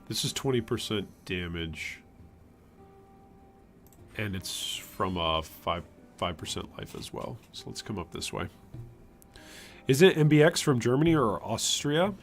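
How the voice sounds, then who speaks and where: A man streaming gameplay, chatty and animated, commenting on his build and answering chat. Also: lowish voice, measured pace, long pauses, soft background music. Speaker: streamer, game host.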